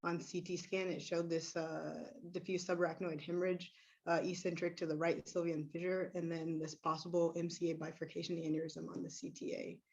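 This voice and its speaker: A hoarse woman presents a case over a video call in a steady, clinical way, her voice fairly flat. The sound is slightly dull, as if passed through a laptop microphone. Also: on the low side. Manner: measured, clinical, with frequent fillers. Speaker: neurosurgery resident presenting a case.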